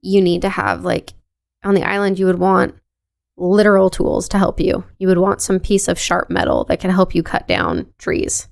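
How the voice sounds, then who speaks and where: A woman's voice: fairly low pitch, lively intonation, moderate pace, creaky. A young woman guest on a podcast, talking in an earnest, reflective way with many "like"s. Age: young adult. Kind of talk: casual podcast conversation.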